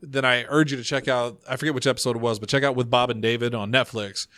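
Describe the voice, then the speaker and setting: A man of middling pitch hosting a casual podcast, telling stories from his notes in a chatty way. His voice is dry and close, with no room sound around it. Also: steady tone, fairly bright tone, no echo. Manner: chatty storyteller, reads notes, quick asides. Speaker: podcast host.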